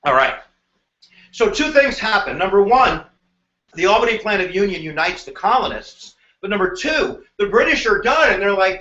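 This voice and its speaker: An energetic male history teacher runs a live exam review, joking as he goes. His voice sits high and bright. The live stream sounds roomy and dull, like lo-fi audio. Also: normal speed. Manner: animated, joking, slips into silly voices.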